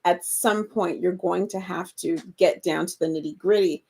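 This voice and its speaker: A woman co-hosting a casual chat about remodeling investment properties, agreeable and quick to laugh. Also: on the low side, creaky, dark tone, slightly rough. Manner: encouraging, agreeable, laughs often. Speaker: co-host.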